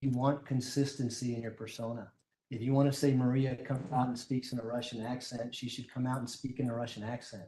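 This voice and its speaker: A man's voice: mid-range voice, level tone, fairly quick, warm tone, breathy edge. Insistent male prosecutor cross-examining. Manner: pressing, insistent questioning. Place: courtroom.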